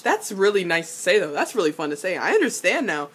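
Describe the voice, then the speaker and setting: A young woman casually recapping a TV episode, excitable, swearing freely and breaking into loud laughing rants. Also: lowish voice, fast, breathy edge.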